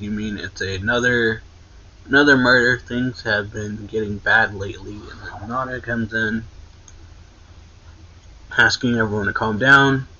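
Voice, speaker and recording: A man's voice: lowish voice, sharp tone, dull audio, slight background noise. A young man casually retelling a manga chapter in a rambling, filler-heavy way, with many restarts. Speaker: anime reaction channel host.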